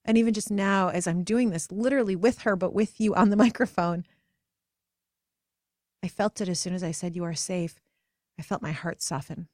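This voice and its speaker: A woman in her thirties hosting a podcast, speaking in a gentle, reflective way and dropping to soft whispers at tender moments. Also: on the low side, moderate pace, long pauses, dry recording, clean studio sound. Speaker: podcast host and coach. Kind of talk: guided reflective talk.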